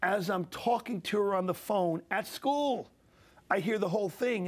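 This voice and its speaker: A man's voice: high voice, moderate pace. A middle-aged man telling emotional stories with passion and a preacher's repetition. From Italian-American. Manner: passionate, preacherly, repeats phrases for emphasis. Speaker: guest speaker. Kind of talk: emotional storytelling.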